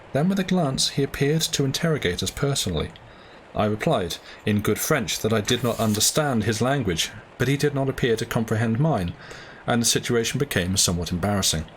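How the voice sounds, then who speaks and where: A man narrating a classic novel aloud in a steady, measured way on a livestream. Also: mid-range voice, slight background noise, poor audio. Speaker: reader of a novel.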